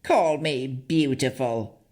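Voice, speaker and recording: A woman's voice: extremely low pitch, slow, darkish tone, voice pushed up. A male narrator voicing a mad, filthy female hag who pleads and shrieks in erratic, rambling bursts. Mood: ranting. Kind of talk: audiobook character voice.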